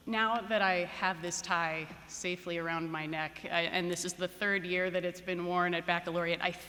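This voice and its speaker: At a ceremony in a large, echoey hall, a woman professor gives an address, telling an anecdote with fillers and restarts before leading a guided meditation. Her voice is mid-range and fairly bright.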